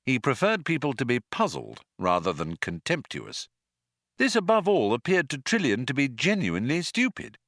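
A man's voice: lowish voice, a bit bright, no room sound. A man narrating an audiobook in a dry, wry storytelling manner, close on a studio mic.

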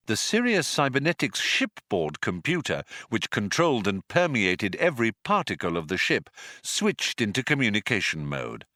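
A man's voice: lowish voice, wildly swooping pitch, normal speed, pushed and bright, no room sound. A man narrating an audiobook in a dry, wry storytelling manner, close on a studio mic.

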